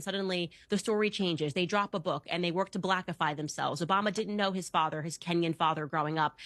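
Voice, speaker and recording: A woman's voice: fairly low pitch, a bit bright, no echo. Firm, dismissive woman pundit, dry sound. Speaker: political commentator in a played clip. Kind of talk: pundit panel commentary.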